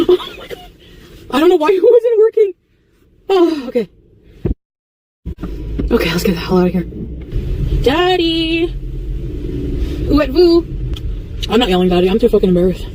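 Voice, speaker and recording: A woman's voice: on the high side, brisk, pauses often, mellow. A woman vlogging from inside a car at night, swearing a lot and nervously talking to her viewers. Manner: swearing, jittery, talks to viewers. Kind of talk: vlog filmed while driving. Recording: noisy car interior clip.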